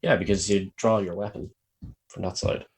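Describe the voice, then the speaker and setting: A man's voice: low-pitched, fairly even intonation, moderate pace, a little mellow, slightly rough. A man with an Irish accent co-hosting a podcast in casual chat, teasing and often laughing and swearing. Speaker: podcast co-host.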